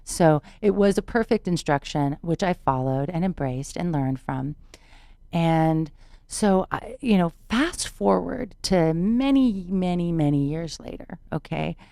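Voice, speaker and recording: Low-voiced earnest woman telling her story. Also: lively intonation, unhurried, gravelly, warm tone, smooth, dry recording, studio quality. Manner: earnest, emphatic, repeats words for weight. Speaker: podcast guest, spiritual teacher. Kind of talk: personal storytelling in a podcast interview.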